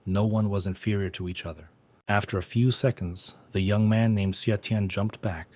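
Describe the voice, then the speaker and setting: A man with a fairly low voice narrates a comic story recap. His scripted storytelling is steady and plain. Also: moderate pace, no echo.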